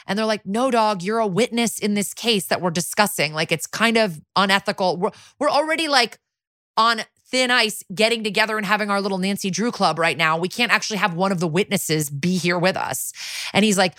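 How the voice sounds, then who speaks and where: A woman's voice: mid-range voice, no room sound, studio quality. A woman co-hosting a podcast, recapping a TV episode in a casual, profane way and acting out the characters' lines as she goes. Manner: lively storytelling, acting out characters' lines in quick bits. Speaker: podcast co-host.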